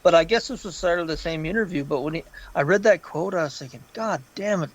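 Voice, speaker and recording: A podcast co-host in casual conversation, this man speaks in a fairly high voice. He talks with animated energy, swears freely and acts out quotes from others. His ranting stays loose and conversational. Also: fast, rough recording. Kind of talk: casual pop culture chat.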